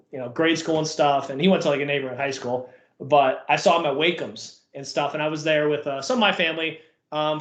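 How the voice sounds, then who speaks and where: A man's voice: fairly high pitch, reverberant, highs cut off. A young man co-hosting a podcast, chatting casually and rambling with lots of fillers. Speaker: podcast co-host. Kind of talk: casual chat.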